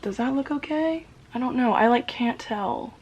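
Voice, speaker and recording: A woman's voice: on the high side, moderate pace, darkish tone, slightly rough, muffled recording. A young woman telling a story in a casual makeup tutorial vlog, chatty and slangy, swearing freely and saying "like" a lot. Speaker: beauty vlogger.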